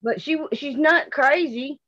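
A woman's voice: high-pitched, a little slow, fairly bright tone, no echo, highs cut off. A woman with a Southern US accent from Mississippi, bluntly and indignantly recounting her daughter's disappearance in an interview, repeating herself. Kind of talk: emotional interview testimony.

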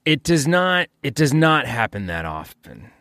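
A man's voice: medium pitch, very animated, measured pace, sharp tone, no echo, clean studio sound. A male podcast guest in casual chat, mild and self-deprecating, laughing easily.

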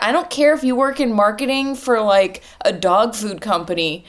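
A woman sports reporter chatting as a podcast guest, excitable and quick, often cutting herself off and restarting. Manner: excitable, quick, self-interrupting with big pitch swings. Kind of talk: casual podcast chat.

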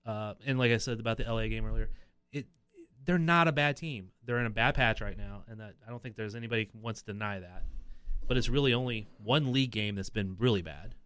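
A man's voice: lowish voice, fast talker, a bit bright, clear, resonant tone, dry recording. A man co-hosting a casual sports podcast, making points emphatically by repeating phrases. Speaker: podcast co-host.

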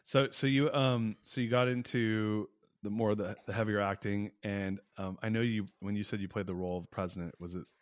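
A man hosts a casual interview in a fairly low voice. He cuts in eagerly with short, quick questions. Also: steady tone. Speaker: podcast host.

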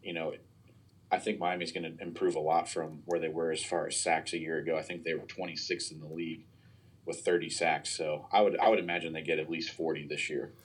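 Very deep, husky-voiced male analyst. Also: level tone, brisk. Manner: hesitant, many fillers and restarts. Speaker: podcast co-host analyst. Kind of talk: casual sports podcast chat.

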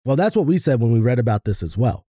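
Casual male podcast co-host, deep dark timbre, laid-back delivery with loose swearing. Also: big pitch swings, fast talker, no room sound, studio quality.

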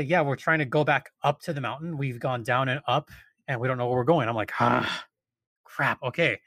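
A man casually telling a story, animated and exasperated, acting out the people he quotes. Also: medium pitch, dry recording.

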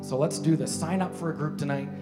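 A man's voice: on the high side, fast talker. A man preaching a sermon as pastor in a church, earnest and encouraging, often repeating words as he pushes a point. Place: church sanctuary. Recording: music playing behind voice. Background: guitar music.

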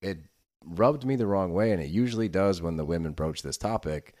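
A man with a very deep voice co-hosts a podcast. He talks casually, swears freely and laughs easily, then gets worked up when something bothers him. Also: brisk, darkish tone. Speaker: podcast co-host. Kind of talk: casual chat recapping a reality show.

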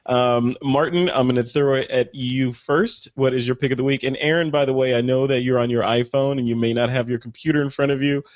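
A man's voice: medium pitch, steady tone, fairly quick, few pauses, no room sound. Upbeat American man hosting, dry lo-fi sound. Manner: upbeat, enthusiastic. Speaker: podcast host. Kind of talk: casual podcast hosting.

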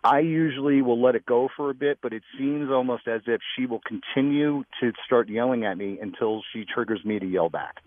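A man's voice: medium pitch, fairly quick, few pauses, no echo. Hesitant male caller on a tinny phone line. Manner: hesitant, with many ums and uhs. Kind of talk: call-in radio conversation.

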